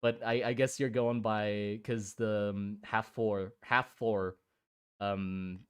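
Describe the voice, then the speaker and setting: A man's voice: fairly low pitch, flat delivery, slow, clear, resonant tone. A young man from Germany and Thailand chatting casually on a live stream, rambling with many restarts and casual swearing. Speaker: streamer drawing miniatures.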